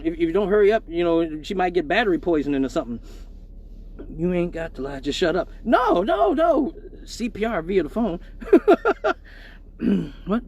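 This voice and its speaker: A man with a voice pitched well above most men's tells a comic story on his live show. He swears freely and jumps into the lines of everyone in the tale. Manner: profane, animated, acts out other people's lines. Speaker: host of a live stream show. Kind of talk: comedic storytelling.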